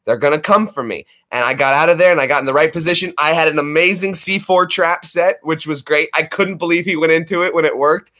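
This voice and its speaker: A man hosting a casual video chat, rambling through excited stories and adding his own sound effects. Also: on the high side, fast, few pauses. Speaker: channel host.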